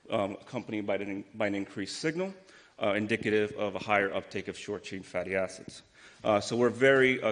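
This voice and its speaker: Low-voiced man giving a brisk science talk. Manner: brisk, technical, some fillers. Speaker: research presenter. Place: lecture hall. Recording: long reverb of a hall.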